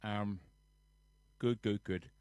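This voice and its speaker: A man's voice: fairly low pitch, fairly even intonation, extremely slow, darkish tone, clean tone, no room sound. Chatty man on a home live stream. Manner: rambling, chatty, reads viewer comments aloud. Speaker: live-stream host and musician. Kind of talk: casual chat to a live online audience. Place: home, sitting on a sofa.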